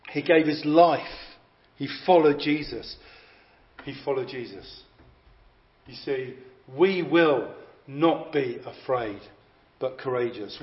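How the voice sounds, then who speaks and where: A man's voice: medium pitch, slow pace, long pauses. Man preaching in an echoey hall. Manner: emphatic, repeats phrases for effect. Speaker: visiting preacher. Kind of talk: sermon. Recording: echoey, slightly dull hall recording.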